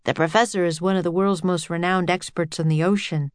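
A woman's voice: lowish voice, steady tone, brisk, no echo, natural voice. A woman voicing Henry, a polite, earnest young male sailor.

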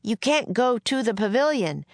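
A woman's voice: fairly high pitch, moderate pace, no room sound, voice pushed up, lightly acted. A woman voicing an earnest, anxious young boy in a storybook reading, urgent and pleading.

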